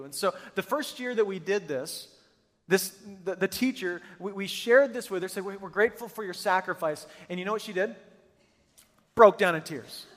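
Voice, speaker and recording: A middle-aged pastor preaches a sermon to hundreds of people in a church auditorium, telling stories in an emphatic, earnest way. His voice sits high and a bit bright, and he speaks at a normal speed. The recording carries the long reverb of a large church hall.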